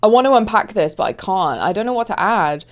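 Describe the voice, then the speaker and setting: A woman's voice: medium pitch, expressive, fairly quick. Giggly chatty woman reacting to a video, voice bouncing all over. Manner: giggly, chatty and self-deprecating. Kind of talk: casual reaction chat.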